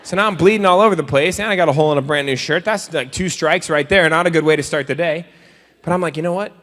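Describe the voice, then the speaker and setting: A man with a high, bright voice speaks at a quick clip in a motivational keynote to young people. He jokes and acts out little scenes as he goes. His words ring with a long reverb from a large convention hall. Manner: joking, animated storyteller who acts out scenes. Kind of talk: comedic keynote speech to students.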